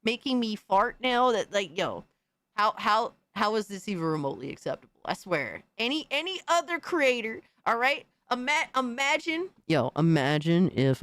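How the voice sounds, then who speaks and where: A woman's voice: mid-range voice, very animated, moderate pace, a bit bright, no room sound. A woman hosting a casual live stream, reacting to viewer videos with mock outrage, frequent swearing and slangy asides. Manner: mock outrage, swears, calls everyone bro. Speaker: streamer host.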